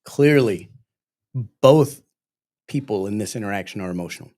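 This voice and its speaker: A man's voice: fairly low pitch, animated, normal speed, a little mellow. A man, a police training instructor, earnestly explaining emotional regulation on a livestream. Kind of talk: livestream discussion.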